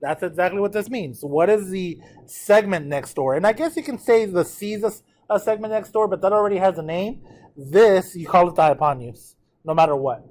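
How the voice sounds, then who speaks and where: With a high-pitched, darkish voice and a brisk delivery, a math teacher lectures his classroom on trigonometry. He checks in with the students often and drills pronunciation by having them repeat terms aloud.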